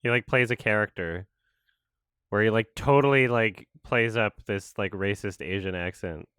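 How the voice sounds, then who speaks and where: A man's voice: fairly low pitch, normal speed, fairly bright tone, clean tone, no echo, studio quality. A man hosting a casual watch-along, commenting sarcastically and mocking what he sees on screen. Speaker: host.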